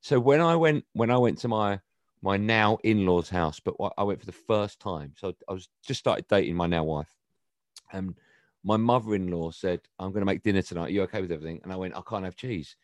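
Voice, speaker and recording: A middle-aged English man chatting on a podcast, telling stories with a teasing, animated manner. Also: deep voice, brisk, no room sound. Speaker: guest. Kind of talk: casual podcast chat.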